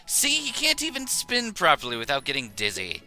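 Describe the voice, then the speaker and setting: A man's voice: on the high side, wildly swooping pitch, fairly quick, pushed and bright, faint music behind, rough recording. A man chatting and joking casually while streaming a video game. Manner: playful, joking.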